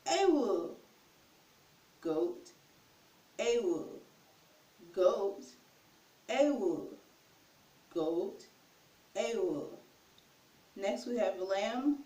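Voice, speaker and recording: A woman tutor with a slightly high voice runs a casual vocabulary lesson, repeating each word slowly and carefully. She talks at an unhurried pace and admits when she is unsure of a pronunciation. She sits back from the mic, and the room gives her voice a noticeable echo. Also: warm tone. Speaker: language tutor. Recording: echoey room, far from mic.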